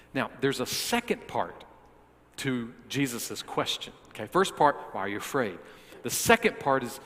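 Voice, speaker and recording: A man's voice: medium pitch, a bit bright. Man preaching in a reverberant hall. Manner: repeats words as he restarts, asks the listeners direct questions. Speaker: pastor. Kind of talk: sermon.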